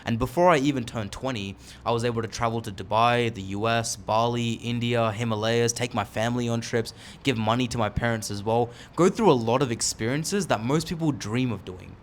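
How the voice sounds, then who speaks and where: A man's voice: medium pitch, fairly quick, hardly any pauses, slight background noise. A man in his twenties, seated and talking straight to the camera in a casual, emphatic, candid way about making money young. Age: 20s. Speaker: online entrepreneur vlogger. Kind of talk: motivational talk to camera. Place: seated indoors, filming himself.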